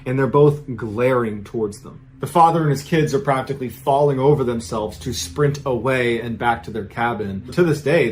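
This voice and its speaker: A man's voice: mid-range voice, darkish tone, slight background noise. A man hosting a podcast, telling a mysterious story in a casual, suspenseful conversational way. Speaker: host and storyteller.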